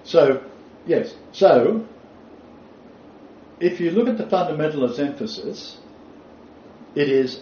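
A man's voice: a little high, animated, slow pace, pauses often, warm tone, slight background noise. A man teaching a Bible lecture to a small group, speaking emphatically and repeating his key phrases for weight. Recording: roomy, distant, dull lo-fi recording.

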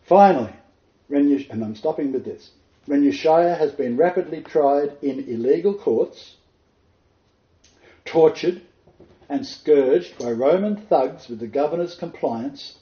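A man's voice: fairly high pitch, a little slow. A man teaching as a messianic rabbi and minister, quoting scripture with dramatic emphasis. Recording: echoey, dull lo-fi room sound.

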